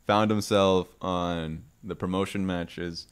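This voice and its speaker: Guy co-hosting a podcast, lowish voice, gets excited and teases a lot. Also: slow pace, clear, resonant tone. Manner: excitable, teasing, pitch jumps when excited. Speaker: esports podcast co-host. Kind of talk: casual podcast chat.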